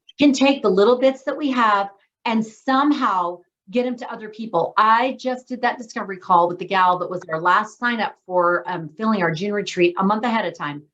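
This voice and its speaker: A woman's voice: medium pitch, a little fast, a bit bright. A woman hosting a writers' training call in a casual, enthusiastic way, with emphatic asides. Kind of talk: casual video-call discussion. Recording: dull lo-fi call audio.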